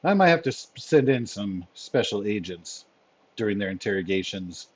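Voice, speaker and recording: A man voicing a formal male spy chief who speaks in a measured, dryly wry way. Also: lowish voice, sing-song, husky.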